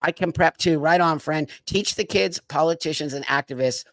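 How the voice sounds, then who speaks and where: A man's voice: fairly high pitch, normal speed, a bit bright, no echo, studio quality. A man hosting a live stream of political commentary, talking straight to his viewers in a heated, emphatic way. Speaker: livestream host.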